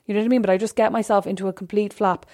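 Woman, casual podcast chat, very fast, animated anecdotes. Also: mid-range voice. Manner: chatty, animated storytelling with quoted asides. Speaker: podcast co-host.

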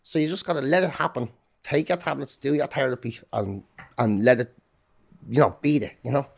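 Irish guy in his 40s talking quick, swears a lot, hammers his points home. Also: mid-range voice, vocal fry. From Ireland. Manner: emphatic, heavy swearing, repeats points forcefully. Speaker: podcast guest. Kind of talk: candid interview talk.

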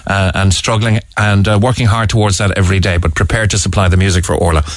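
Earnest Cork radio presenter, low voice. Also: male voice, fairly even intonation, fast talker, dry recording. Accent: Irish, Cork. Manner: earnest, with frequent "uh" fillers and restarts. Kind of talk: talk radio presenting, reading out listener texts. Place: radio studio. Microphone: studio microphone.

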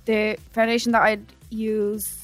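A woman's voice: mid-range voice, completely flat delivery, a little slow, soft background music. A young Irish woman co-hosting a podcast, chatting playfully and giggling with her friend. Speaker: podcast co-host. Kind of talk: casual chat.

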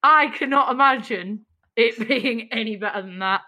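Frank, animated Geordie woman. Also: fairly high pitch, moderate pace. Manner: frank, animated, says "like" a lot. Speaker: podcast guest. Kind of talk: casual storytelling chat.

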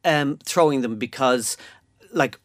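A man's voice: medium pitch, slow pace, no room sound, studio quality. An Irish man co-hosting a podcast in casual chat, swearing freely and restarting sentences as he talks. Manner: animated, swearing, trailing restarts. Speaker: podcast co-host.

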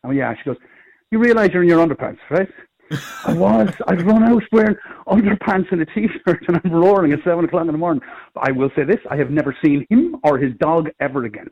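A middle-aged Irish man, a comedian, telling rambling, animated anecdotes in casual chat. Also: a little high, fast, vocal fry, highs cut off. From Ireland. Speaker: comedian guest. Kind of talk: casual storytelling.

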